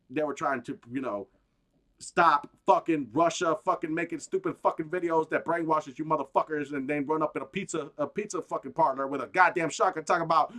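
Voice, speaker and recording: A man's voice: high voice, fairly bright tone. A man on a gaming stream ranting about politics, heated, profane and rambling.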